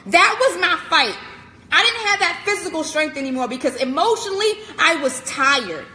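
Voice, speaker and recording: A woman's voice: extremely high pitch, expressive, moderate pace, pushed and bright, big-room sound. A woman speaker giving a live-streamed inspirational message, preaching emphatically with repetition and direct address to the listener. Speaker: motivational speaker.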